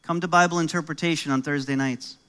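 Bright-voiced american pastor preaching. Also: male voice, on the high side, steady tone, fast talker, smooth. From New York. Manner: conversational preaching with jokes and rising emphasis. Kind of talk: sermon.

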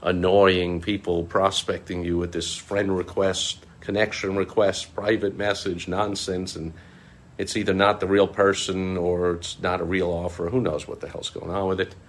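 A middle-aged man, a small business marketing consultant, hosting a casual vlog and telling an animated story with chuckles. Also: normal speed, a little hiss or hum. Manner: animated, chuckling, breaks into mocking high-pitched quoted voices.

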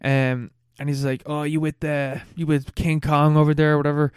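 Man, slightly high voice, dry close sound, rambling film recap in casual chat. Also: little pitch movement, smooth, no room sound. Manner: rambling, laughing, swearing, fast storytelling.

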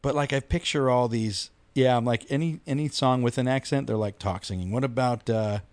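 A man's voice: mid-range voice, fairly quick, no echo. Male podcast co-host, casual rambling chat, mid-range voice, dry booth sound. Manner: rambling, animated storytelling with mock-outraged quotes.

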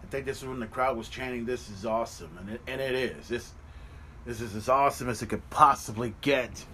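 A man hosting a podcast, giving excited watch-along commentary on a replay, swearing freely and yelling at the big moments. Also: mid-range voice, a little fast, slight background noise. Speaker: podcast host. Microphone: podcast mic.

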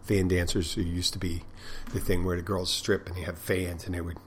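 A man's voice: deep voice, flat delivery, moderate pace, a little hiss or hum. Rambling, profane man telling bar stories. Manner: rambling, profane, with many restarts. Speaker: bartender and podcast host. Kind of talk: casual storytelling monologue.

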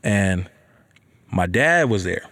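A young man, casually telling a personal story, profane and animated, with lots of "you know what I'm saying". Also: deep voice, slow.

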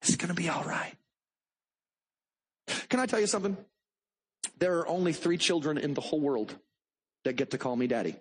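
A pastor preaches with animated drama, his voice pitched high and a little husky. He swings from loud pleading to soft, intimate asides. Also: quick pace, pauses often. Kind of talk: sermon.

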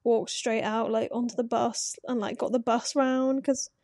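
A young woman with a high, mellow voice, recorded close and dry. She chats easily, quoting what she thought, with plenty of fillers. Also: little pitch movement, moderate pace, no echo. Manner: chatty, quoting herself, many fillers. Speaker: podcast co-host. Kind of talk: casual chat.

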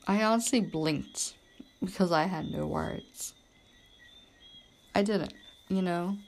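A woman's voice: on the low side, slow, gravelly, a little mellow. A woman from Bermuda, hosting a podcast in a rambling, emphatic casual monologue. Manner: rambling and emphatic, heavy use of "like" and "literally". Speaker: podcast host.

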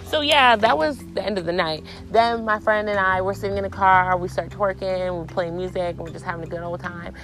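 A woman vlogger tells a night-out story straight to her viewers, blunt and full of swearing. She acts out the back-and-forth with animated energy at a mid pitch. Faint music plays in the background. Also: fairly quick, few pauses. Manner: blunt and profane; animated, acts out both sides of conversations.

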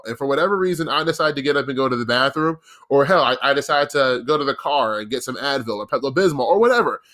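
Ranting young man, a bit high-pitched. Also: a bit bright. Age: young adult. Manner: ranting, sarcastic, with frequent restarts. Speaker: podcast host. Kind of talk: casual solo podcast monologue.

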